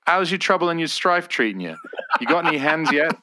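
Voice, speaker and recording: A man putting on a thick Australian accent as a crude, cheery bloke, with loud, slangy banter. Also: on the high side, big pitch swings, fairly quick, noisy background, voice pushed up. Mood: rowdy. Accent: put-on thick Australian.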